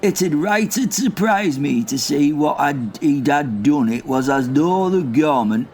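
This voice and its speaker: A man's voice: on the high side, expressive, measured pace, a little mellow, a little hiss or hum. Man doing a rambling old Lancashire war veteran. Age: older. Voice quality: gruff dialect-heavy rambling, confused and crude. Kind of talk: comedy audio drama.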